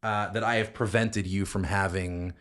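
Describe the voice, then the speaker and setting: A man with a fairly low voice leads a podcast Bible study as a rabbi. He walks through verses step by step and quotes Hebrew lines. His speech is full of restarts and asides. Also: fairly even intonation, normal speed, a bit bright. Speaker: rabbi co-host explaining scripture.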